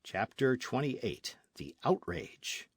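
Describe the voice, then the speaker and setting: A man's voice: medium pitch, big pitch swings, takes it slowly, vocal fry, slightly rough, no echo, studio quality. A man reading a classic adventure novel aloud as an audiobook narrator, telling the story expressively. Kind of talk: scripted narration.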